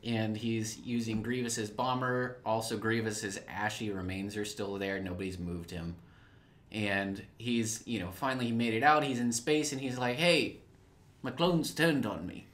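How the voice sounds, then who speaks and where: A man's voice: lowish voice, steady tone, normal speed, a bit bright. A man co-hosting a casual fan podcast, cracking dry, laid-back jokes. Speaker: podcast co-host. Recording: roomy echo.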